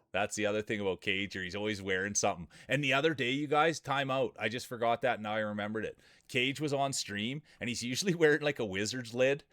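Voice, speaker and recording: A man's voice: medium pitch, no room sound, clean studio sound. A man hosting a live marble-race stream, giving casual, joking commentary and greeting viewers, laughing often. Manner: jokey, excitable, laughs often while talking. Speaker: streamer and game host.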